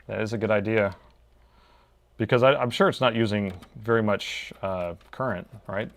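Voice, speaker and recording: Low-voiced man chatting while repairing. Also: moderate pace. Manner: chatty, talks to himself and viewers while fiddling with parts. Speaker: laptop repair technician streaming live. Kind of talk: casual live-stream chat while working.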